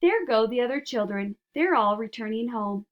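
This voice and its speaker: Woman reader voicing an eccentric, cheery man; bright, emphatic delivery. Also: a little high, lively intonation, lo-fi sound, close to an everyday voice. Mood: cheerful. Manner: brisk, bubbly, emphatic. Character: cheerful, eccentric male candy maker.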